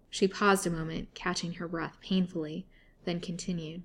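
A woman narrating a serialized story with steady, dramatic reading. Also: fairly low pitch, normal speed.

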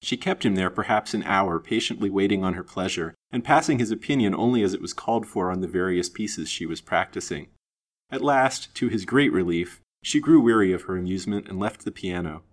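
A man narrating an old-fashioned novel in a measured, expressive reading. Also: low voice. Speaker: storyteller. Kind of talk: storybook narration.

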